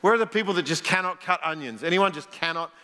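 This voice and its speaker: A man's voice: a little high, quick pace, sharp tone. A middle-aged man preaching a conversational sermon in a church, jokey and playful, quizzing the congregation as he goes. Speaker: pastor. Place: church hall. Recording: long reverb of a large hall.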